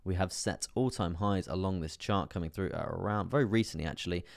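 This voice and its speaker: Speaking a little fast in a low, creaky voice, the man runs a live trading stream and reads off chart analysis casually, full of fillers. He's chatty and keeps laughing as he reads chat; there's no room sound, just clean studio audio.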